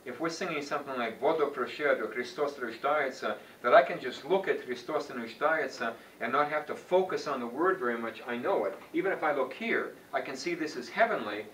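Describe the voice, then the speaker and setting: A man's voice: mid-range voice, fairly bright tone. A man teaching a chant class, explaining informally to students with restarts and asides. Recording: roomy sound from a distance, faint background noise.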